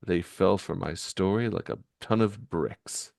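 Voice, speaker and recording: A man voicing a scheming, gloating male comic villain, smug and measured, in a low voice. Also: expressive, dry recording, studio quality.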